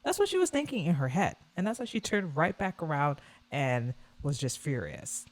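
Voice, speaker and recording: A woman vlogger giving casual reaction commentary on a video, animated and scornful, repeating her points. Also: low voice, moderate pace.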